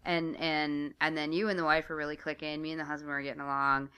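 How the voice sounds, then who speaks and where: A woman co-hosting a casual talk show, telling stories in a lively way. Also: low-pitched, fast talker, clean tone. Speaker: podcast co-host. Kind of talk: casual chat.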